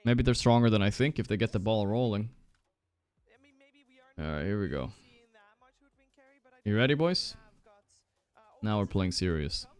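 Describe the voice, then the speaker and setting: Smooth-voiced, foul-mouthed male streamer. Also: lowish voice, animated, unhurried, pauses often, no room sound. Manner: chatty, swears often, reacts loudly. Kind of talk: casual live-stream commentary.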